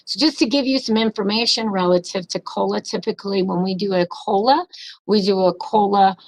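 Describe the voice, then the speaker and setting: A woman walks commissioners through budget slides at a public session. She talks fast and businesslike, dropping in many ums and uhs as she goes. Her voice sits at a middle pitch. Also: a little mellow, poor audio. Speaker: county finance official presenting a budget.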